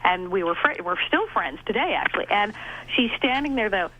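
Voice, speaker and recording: A middle-aged woman, an actress and comedian, telling stories in an interview, animated and laughing as she acts out quoted lines. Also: medium pitch, fairly quick. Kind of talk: casual interview storytelling. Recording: dull lo-fi audio.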